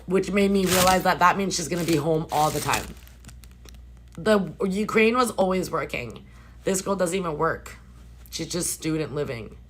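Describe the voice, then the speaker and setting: A woman's voice: fairly low pitch, normal speed, a little hiss or hum, low-quality recording. A young woman vlogging casually from a hotel room, chatting with her viewers, reading out their questions and swearing freely. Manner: chatty and animated, swears often, reads out chat questions. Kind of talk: casual chat.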